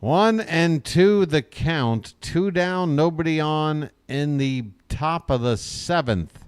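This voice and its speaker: A man hosts live fan play-by-play of a baseball game in a folksy, joking way. His voice is smooth and clear, and he takes his time. The sound is dry and close-miked. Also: a little high, animated, slow pace, dry recording. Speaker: play-by-play host.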